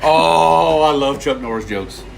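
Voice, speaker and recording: A man's voice: fairly high pitch, lively intonation, measured pace, creaky, a little hiss or hum. A man hosting a casual live stream from his home kitchen, joking while he cooks. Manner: joking, easygoing, tells jokes. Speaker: livestream host.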